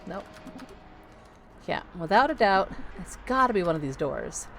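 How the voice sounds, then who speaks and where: A woman's voice: mid-range voice, sing-song, unhurried, fairly bright tone, a little hiss or hum. A woman streaming a horror game live, joking and reading the dialogue aloud in a playful way. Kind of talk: casual live gameplay commentary.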